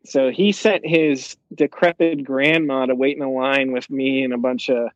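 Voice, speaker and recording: A man's voice: mid-range voice, steady tone, normal speed, dry recording, lo-fi sound. Rambling young man telling a story. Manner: rambling, profane storytelling with fillers. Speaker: storyteller in a casual podcast chat. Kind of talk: casual chat.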